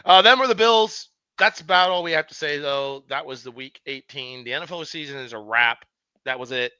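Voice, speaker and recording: A man co-hosting a casual sports podcast, excitable and swearing freely, with quick asides. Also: on the high side, smooth, dry recording, highs cut off. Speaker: podcast co-host.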